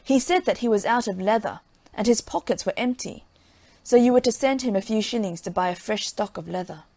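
Woman reader voices a sly, smooth-talking old soldier, gravelly, storybook tale. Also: mid-range voice, fairly quick, warm tone, dry recording, lightly acted. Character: crafty old male soldier trickster.

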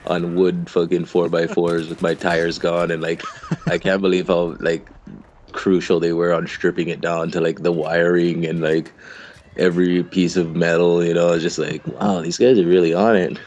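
Deep-voiced young man telling rambling stories. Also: flat delivery, moderate pace, a little mellow, muffled recording, slight background noise. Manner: rambling, laughing, profane storyteller. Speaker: interviewed clan member. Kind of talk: casual storytelling chat.

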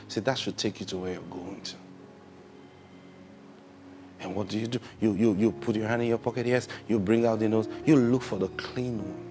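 A male pastor preaching a sermon, swinging between loud emphatic bursts and soft near-whispers. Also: fairly low pitch, moderate pace, faint music behind.

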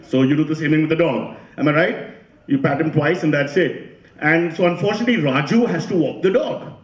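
A man performs stand-up and keeps quizzing and teasing his audience. His voice sits a bit high, and the sound carries a strong room echo. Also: fairly quick. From India. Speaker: comedian. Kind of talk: stand-up comedy.

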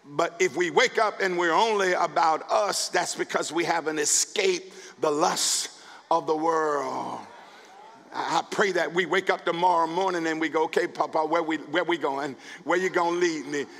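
A male pastor preaching a sermon, building from calm scripture reading to shouted calls to the congregation. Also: fairly high pitch, moderate pace, in a large hall. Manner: preaching, rising to shouts with repeated words. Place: church sanctuary.

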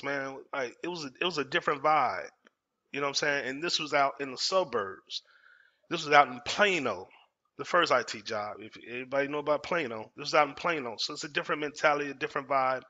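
A man's voice: mid-range voice, sharp tone, muffled recording. A man from Dallas telling a personal story in casual, emphatic talk, repeating phrases and using street slang. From Dallas, Texas. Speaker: storyteller host.

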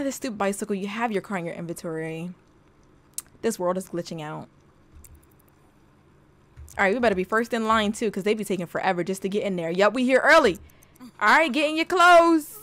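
A young woman giving casual, slangy gameplay commentary, talking straight to her game character and breaking into excited exclamations. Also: mid-range voice, brisk, pauses often. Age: young adult. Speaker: gaming video host.

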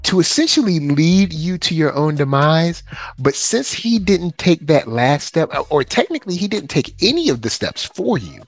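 A man co-hosting a casual chat, talking in an animated way and acting out quoted voices. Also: moderate pace, faint music behind. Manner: animated, acts out quoted voices with big pitch jumps. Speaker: podcast co-host.

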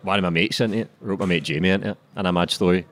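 A man's voice: low-pitched, steady tone, racing, fairly bright tone. A young man in his twenties with a Glaswegian accent, a sweary, slangy author chatting casually in an interview and laughing often. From Scotland. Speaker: author guest.

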